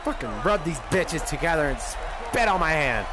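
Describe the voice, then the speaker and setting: A young man streaming a football video game, cursing and yelling at the players as he plays. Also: sits high, sing-song, normal speed. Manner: profane, yells at the game. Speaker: gaming streamer. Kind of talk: gaming commentary. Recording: loud game crowd and noise. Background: loud video game stadium crowd.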